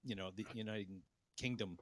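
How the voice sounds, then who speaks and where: A man's voice: lowish voice, fairly even intonation, normal speed. A man from Pennsylvania co-hosting a podcast, telling crude, rambling stories in casual banter. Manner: profane, rambling storytelling. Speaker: podcast co-host.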